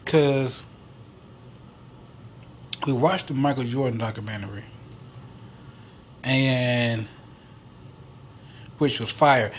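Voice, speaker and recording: A man's voice: mid-range voice, drawn-out words, pauses often, a little hiss or hum. A man hosting a podcast alone, telling stories in a rambling, profane, casual way. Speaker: podcast host. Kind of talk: casual solo monologue.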